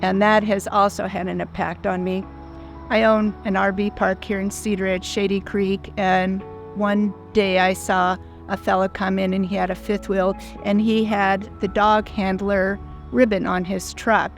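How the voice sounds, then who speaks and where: A woman's voice: medium pitch, flat delivery, measured pace, gravelly, soft background music. A woman in her sixties telling a personal story as a foundation founder, in an earnest, heartfelt, plain-spoken way. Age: 60s.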